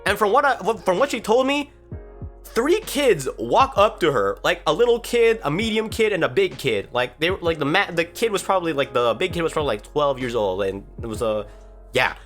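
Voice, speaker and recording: A woman's voice: on the low side, big pitch swings, fairly quick, faint music behind. A woman telling a story in a casual vlog, rambling and swearing with exasperated outbursts. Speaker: storytime vlogger.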